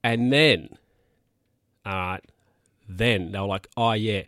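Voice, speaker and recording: A man's voice: deep voice, takes it slowly, fairly bright tone, dry recording, clean studio sound. A man telling stories casually to camera as a vlogger, rambling and chatty. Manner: rambling, chatty, with mock-quoted voices.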